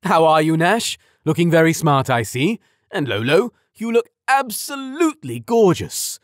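Brief: man playing a booming, gushing middle-aged father in an audiobook, pitched up high and loud, dry studio. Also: big pitch swings, moderate pace, no echo. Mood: exuberant. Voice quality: booming, effusive.

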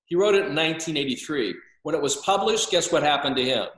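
A man's voice: fairly high pitch, expressive, quick pace, a bit bright, echoey room, poor audio. An older man explaining at length as an interview guest, hesitant, with frequent filler sounds and restarts. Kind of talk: lecturing explanation.

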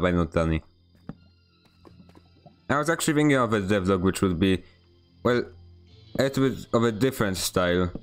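Streaming a game, a man from Poland talks casually with his viewers in a Polish accent, meandering and poking fun at himself. His voice is low, clear, and resonant.

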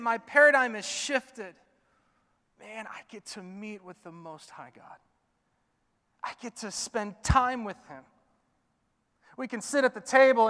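Bright-voiced animated male pastor. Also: sits high, clear, resonant tone, in a large hall. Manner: animated, chatty, many fillers. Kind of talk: storytelling sermon. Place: church sanctuary.

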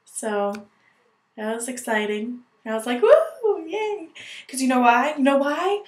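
A woman's voice: a little high, normal speed. Chatty young woman in an echoey room. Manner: gushing, chatty, full of "like". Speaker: vlogger. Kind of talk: casual chat to camera.

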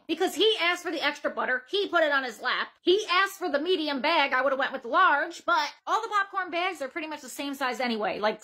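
A young woman with a very high voice tells a workplace story as a comedy rant. She sounds sarcastic and exasperated, with a bright, sharp tone. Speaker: comedy skit creator.

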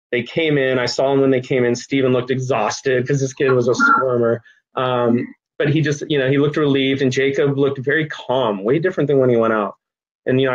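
Middle-aged man, interview guest, sincere storyteller with many ums, muffled lo-fi recording. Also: mid-range voice. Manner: earnest storyteller, frequent ums, gets choked up. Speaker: nonprofit director, guest. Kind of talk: interview conversation.

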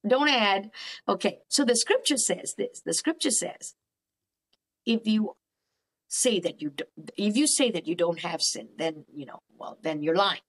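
A woman therapist and podcast guest who talks in an animated, emphatic way and often acts out quoted dialogues in a faith-based counselling conversation. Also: on the low side, moderate pace, breathy edge.

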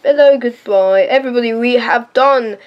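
High-voiced, playful woman vlogger. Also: normal speed, muffled recording. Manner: silly, hums and sings to herself. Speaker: drawing vlogger. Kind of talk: casual chat while drawing.

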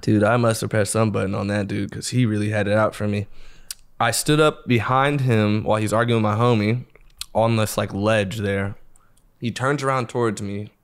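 Animated, profane male storyteller. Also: normal speed, clean tone. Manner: animated, profane, acts out quotes in a higher voice; laughs through his telling. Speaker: podcast guest. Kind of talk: casual storytelling chat.

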